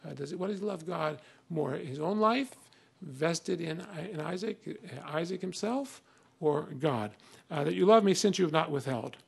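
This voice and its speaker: A man's voice: fairly high pitch, expressive, normal speed, creaky, slightly rough. A man giving a conversational classroom lecture on old texts, reading passages aloud with emphasis between many fillers.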